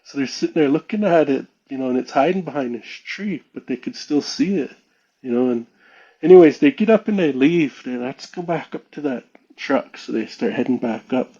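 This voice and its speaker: Husky, rambling male storyteller. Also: medium pitch, expressive, normal speed, mellow, dull audio. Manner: rambling, chatty, fillers like "you know". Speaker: podcast guest. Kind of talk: casual storytelling.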